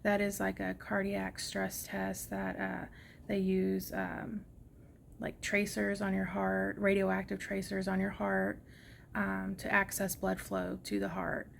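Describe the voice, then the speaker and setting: A woman's voice: medium pitch, monotone, takes it slowly, gravelly, a little hiss or hum. A young woman giving a casual vlog update from a hospital room, chatty and tired, with lots of fillers. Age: young adult. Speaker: vlogger.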